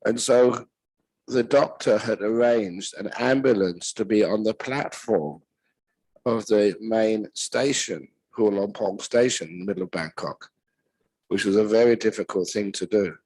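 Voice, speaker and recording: Slow, gravelly-voiced Buddhist monk. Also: male voice, fairly low pitch, dry recording, rough recording. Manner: gentle, unhurried storytelling with pauses. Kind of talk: meditation retreat talk.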